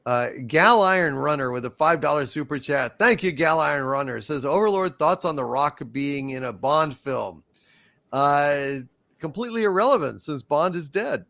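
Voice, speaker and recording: A man hosting a casual live stream, his voice sitting a touch above average pitch. He rants with profanity, trips over his words in stammered restarts, and gets worked up as he answers viewer comments. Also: animated, moderate pace, gravelly, bright, forceful tone. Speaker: livestream show host reading super chats.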